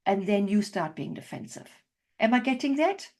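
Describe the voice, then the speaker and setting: A woman couples therapist demonstrating a session to a group, speaking gently and checking in often to validate what she hears. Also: mid-range voice, very animated, moderate pace.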